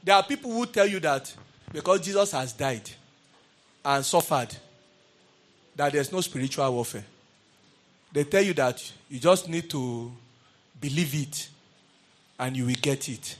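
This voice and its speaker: High-voiced preacher, animated. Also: male voice. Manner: animated, swings between quiet asides and raised exclamations; calls out to the congregation. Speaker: pastor. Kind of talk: sermon.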